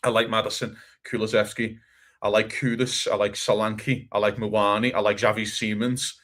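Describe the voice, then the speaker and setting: A man co-hosting a casual football chat, animated and swearing, acting out other people's quotes. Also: on the low side, moderate pace. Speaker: podcast co-host.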